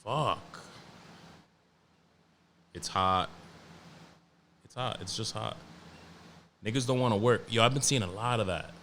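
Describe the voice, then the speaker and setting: A man's voice: on the low side, takes it slowly, long pauses, a bit bright, slight background noise. Profane, emphatic New man ranting. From New York. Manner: profane, emphatic, repeats himself and restarts a lot. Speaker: podcast host. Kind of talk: casual solo podcast rant.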